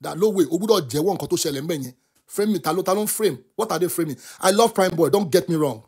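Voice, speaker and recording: Man, Nigerian accent, talk show host, husky, raspy texture, heated commentary, bursts of shouting. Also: high-pitched, quick pace. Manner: impassioned, switches between English and Yoruba, often bursts into shouts. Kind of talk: animated commentary rant.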